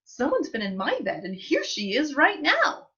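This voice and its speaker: A woman voicing a tiny, whiny male Baby Bear in a storybook reading, squeaky, very high and loud. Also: wildly swooping pitch, normal speed, exaggerated voice. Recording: muffled live-stream audio.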